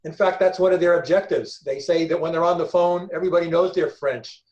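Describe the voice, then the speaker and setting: A man's voice: on the high side, fairly even intonation, fairly quick, a little mellow, lo-fi sound. A man who tutors volunteers, making a thoughtful comment in a workshop discussion and repeating words as he hunts for them.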